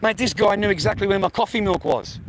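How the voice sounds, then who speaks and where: A man's voice: high-pitched, fast, background noise. A middle-aged Australian man vlogging in a profane, rambling, blokey way and laughing often. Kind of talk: casual rambling monologue.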